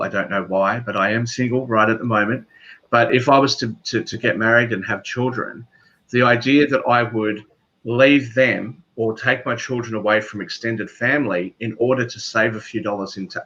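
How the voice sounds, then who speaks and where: A man with an Australian accent, a guest speaking in a measured, thoughtful way in casual chat. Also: medium pitch, sharp tone. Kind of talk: casual video call chat. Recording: dull lo-fi audio.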